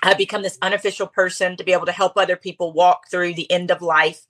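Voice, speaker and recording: A middle-aged woman chatting as a podcast guest, telling stories in an animated way with quick asides. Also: on the low side. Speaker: podcast guest, speaker coach. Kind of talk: casual interview chat.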